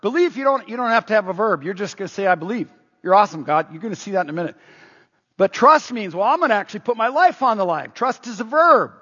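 A man preaching a sermon in an energetic, emphatic way, moving between loud stresses and quiet asides. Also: high-pitched, quick pace, husky. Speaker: pastor. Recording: dull, echoing hall sound.

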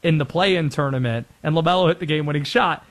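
Sports radio host guy, kinda high voice, chatty and opinionated. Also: quick pace.

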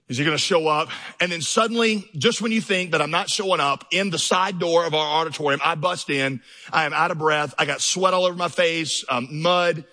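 A man's voice: a little high, pushed and bright, long reverb tail. A middle-aged man preaching a sermon as pastor, telling stories and building to passionate peaks. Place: large church auditorium.

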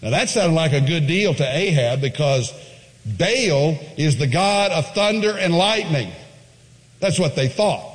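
Animated preacher man in a reverberant hall. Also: unhurried. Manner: animated preaching, jumps high for quoted voices. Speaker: pastor. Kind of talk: sermon.

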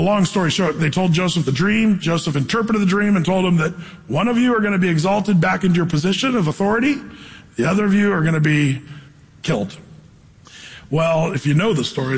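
High husky man preaching in a reverberant hall. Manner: casual, animated retelling with playful asides. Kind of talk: sermon with Bible reading and storytelling.

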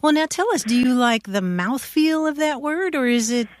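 A woman's voice: high voice, expressive, moderate pace, a little hiss or hum. A woman co-hosting a radio talk show, bantering playfully with callers. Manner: playful, warm banter with laughs.

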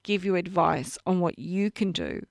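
A woman's voice: on the low side, normal speed, vocal fry, dry recording, studio quality. A woman who works hands-on with horses and dogs, talking earnestly on a radio show in a casual, plain-spoken way with many fillers, while she is losing her voice. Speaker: animal bodywork practitioner, radio guest.

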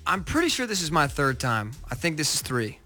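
A man's voice: a little high, big pitch swings, brisk, pushed and bright, soft background music. A young American man from near Seattle, chatting as a guest in a radio interview, upbeat and a bit rambling. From United States, near Seattle. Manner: upbeat, rambling, lots of ums. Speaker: guest musician. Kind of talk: casual interview chat.

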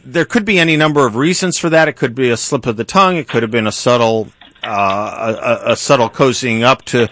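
A man hosting a political talk radio show, speaking in a measured way and repeating words for emphasis. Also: a little high, pushed and bright, no echo.

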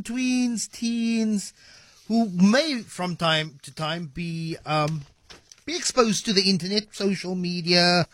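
A man's voice: sits high, no room sound. A man hosting a radio talk show, talking in a playful, emphatic way. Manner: animated, playful, emphatic delivery. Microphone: studio microphone.

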